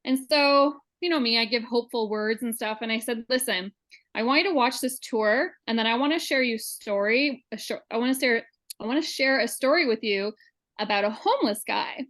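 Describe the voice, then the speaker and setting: Woman participant with a slightly high voice, earnest storyteller on a video-call mic. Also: brisk, fairly bright tone. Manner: earnest storytelling, quotes dialogue. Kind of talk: sharing a personal story.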